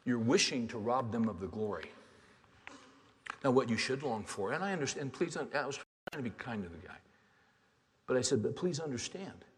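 A man preaching a sermon as a pastor, dropping to quiet, hushed lines and then rising to loud, fervent exhortation. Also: mid-range voice, expressive, normal speed, long pauses. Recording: long hall reverb.

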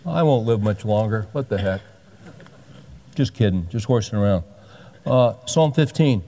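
Sixties guy preaching, low mellow voice, jokey asides, big echoey hall. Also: lively intonation, a little slow, long pauses. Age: 60s. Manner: joking asides, folksy and direct. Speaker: pastor. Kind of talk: sermon.

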